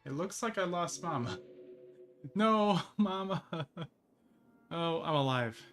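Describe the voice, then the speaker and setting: A man's voice: on the high side, expressive, slow, fairly bright tone, faint music behind. A man streaming a game and chatting casually, rambling with frequent laughs between phrases. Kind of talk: casual gameplay chat.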